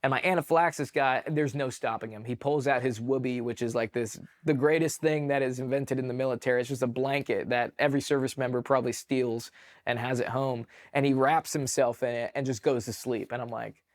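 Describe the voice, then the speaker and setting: Animated, profane male veteran storyteller. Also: mid-range voice, fairly quick. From California, USA. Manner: animated, filler-heavy, profane. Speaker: guest, army veteran. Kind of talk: casual storytelling.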